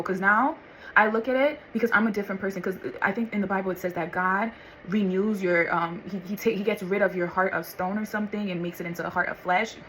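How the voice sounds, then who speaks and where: A woman telling her personal faith testimony in a casual, animated way, calling listeners honey and y'all and acting out what others said. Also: mid-range voice, a little hiss or hum, low-quality recording. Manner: animated, acts out voices of others and God. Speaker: vlogger sharing faith testimony.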